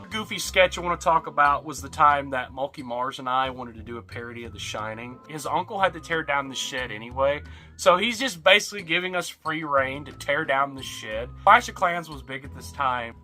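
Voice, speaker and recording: Bright-voiced young man, animated. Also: on the high side. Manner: animated, jumpy emphasis. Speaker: YouTuber. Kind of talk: retrospective narration. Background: faint music.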